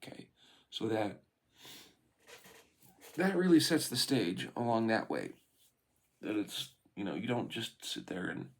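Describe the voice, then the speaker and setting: Brief: man reading and explaining scripture, gravelly, lively pitch. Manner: reads slowly, then muses with fillers and restarts. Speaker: scripture reader and commentator. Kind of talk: scripture reading and casual commentary.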